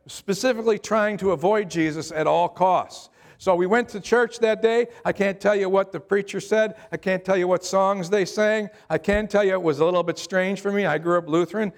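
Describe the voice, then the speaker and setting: An older man, a pastor, preaching a sermon and telling his own story in a conversational way, often repeating his words as he starts a sentence. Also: high-pitched. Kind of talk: sermon with personal testimony.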